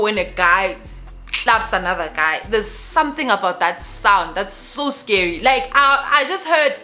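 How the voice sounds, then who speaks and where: Brief: young woman, South African accent, crisp bright tone, animated storytime vlogger. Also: on the high side. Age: young adult. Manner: animated, mixes in Zulu phrases. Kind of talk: casual storytelling.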